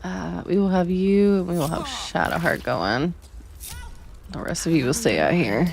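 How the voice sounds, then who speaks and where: A woman hosts a game stream in a relaxed, chatty way, welcoming viewers and thinking aloud about her moves. Her voice sits on the low side for a woman, with a faint hum of noise behind it. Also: normal speed, creaky. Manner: relaxed, chatty, talks through her plans. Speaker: streamer host. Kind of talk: casual gameplay commentary.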